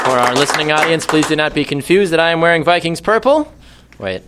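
A young man hosts a sports quiz in a casual, bantering way. His voice sits a little high, and he reads the questions briskly before slipping into quick jokes. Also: animated, heavy background noise. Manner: joking, quick asides. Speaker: quiz host.

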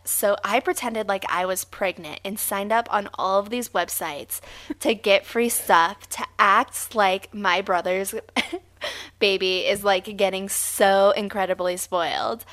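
A woman's voice: medium pitch, a bit bright. A woman co-hosting a podcast, chatting in a giggly, playful way. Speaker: podcast co-host. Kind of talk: casual podcast chat.

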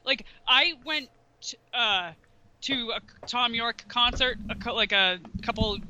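Female co-host, very bright, sharp tone, blunt and exasperated, casual swearing. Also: fairly high pitch, a little slow, highs cut off, slight background noise. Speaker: podcast co-host. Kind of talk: casual rant.

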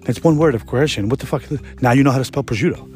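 A young man talks fast and loose, swearing freely as he rambles through stories from his kitchen job. His voice sits at an ordinary middle pitch, and faint music plays underneath. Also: darkish tone. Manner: profane, rambling, laid-back. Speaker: podcast host, restaurant cook. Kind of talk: casual solo storytelling.

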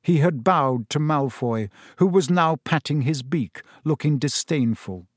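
A man reading a novel aloud as a steady, expressive audiobook narrator. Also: fairly high pitch, unhurried, no echo, studio quality. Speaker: audiobook reader. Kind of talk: storybook narration.

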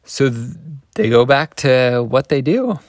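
A man's voice: medium pitch, very animated, measured pace, no echo, clean studio sound. A man teaching a Bible lesson, retelling the story in a conversational way with folksy asides. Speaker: scripture teacher.

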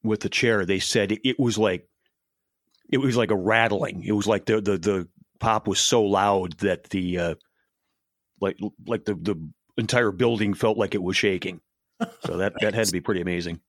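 A man co-hosting a podcast in casual chat, talking in a halting way with many restarts. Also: on the low side, no room sound, studio quality. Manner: hesitant, lots of restarts and uh's. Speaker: podcast co-host.

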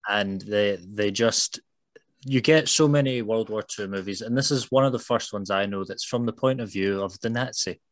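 Male podcast guest, lower voice, relaxed and thoughtful explainer, close and dry. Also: moderate pace, no echo. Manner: thoughtful, explains at length with "you know". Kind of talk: casual film chat.

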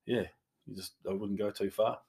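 A man's voice: on the low side, fairly even intonation, moderate pace, gravelly, warm tone. A man co-hosting a podcast in a laid-back, joking way, plainly explaining things about horses. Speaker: podcast co-host. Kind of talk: casual chat.

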